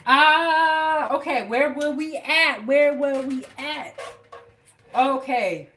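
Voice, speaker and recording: Hosting a live home cooking show from her kitchen, a woman chats casually and speaks straight to her viewers. Her voice sits high, is a bit bright, and she takes things slowly.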